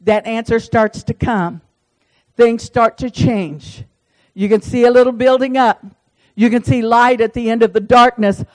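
A woman's voice: fairly high pitch, steady tone, measured pace, a little mellow, poor audio. A woman leading a small-group Bible study, talking in a folksy, chatty way and reading verses aloud. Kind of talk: casual Bible study teaching.

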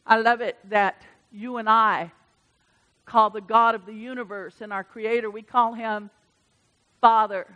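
A woman preaching a sermon in church. She swings from hushed asides to loud, emphatic bursts. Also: a little high, steady tone, unhurried. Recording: reverberant church hall.

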